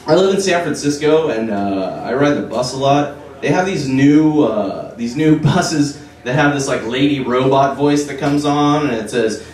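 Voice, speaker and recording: A young man doing a stand-up set at a bar, talking deadpan and halting with lots of fillers, on a handheld mic with the crowd laughing. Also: medium pitch, a little hiss or hum. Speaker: stand-up comedian. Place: bar with a live audience. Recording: echoey bar room from far off. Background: audience laughter.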